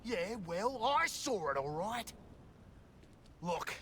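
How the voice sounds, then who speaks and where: A woman's voice: medium pitch, big pitch swings, takes it slowly, fairly bright tone, breathy edge, heavily acted. An actress voicing a cocky, theatrical female antihero in a video game cutscene, speaking in a teasing, showy way.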